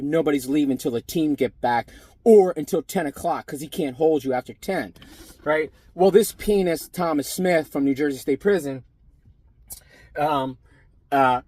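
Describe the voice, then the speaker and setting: A man's voice: fairly high pitch, dry recording. A middle-aged man, a former prison sergeant, ranting casually and profanely to camera, rambling and blunt.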